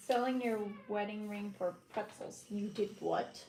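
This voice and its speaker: A woman's voice: mid-range voice, darkish tone. A woman co-hosting a casual livestream chat, teasing playfully. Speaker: co-host. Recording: echoey room with faint noise.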